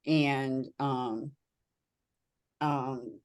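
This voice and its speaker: A woman's voice: very deep voice, fairly even intonation, extremely slow, clear, resonant tone. A woman co-hosting a casual group chat, giving reassuring feedback in a rambling way with lots of fillers. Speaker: co-host.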